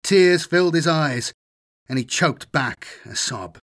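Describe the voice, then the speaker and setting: A man reading a story aloud as an audiobook narrator, in a measured, expressive way. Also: on the high side.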